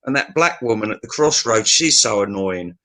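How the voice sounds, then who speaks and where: A man's voice: lowish voice, expressive, normal speed, sharp tone. A middle-aged man in casual chat, telling stories in a sweary, ranting way.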